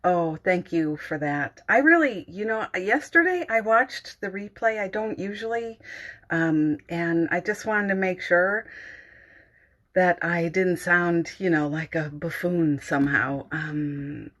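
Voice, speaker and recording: Slow, husky-voiced woman hosting a livestream. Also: on the low side. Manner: gentle, giggly, reads viewer comments aloud. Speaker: energy healer hosting a morning livestream. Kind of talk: casual livestream chat. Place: home.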